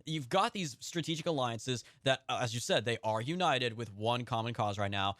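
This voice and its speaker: A man hosting a political podcast, talking in a rapid, emphatic, lively way. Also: medium pitch, dry recording, studio quality. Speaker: podcast host.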